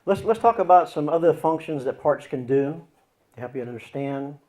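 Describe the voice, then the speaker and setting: Dramatic higher-voiced male counselor. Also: lively intonation, moderate pace. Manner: dramatic, swings between loud and hushed delivery. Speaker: Christian counselor teaching. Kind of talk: teaching talk with acted examples.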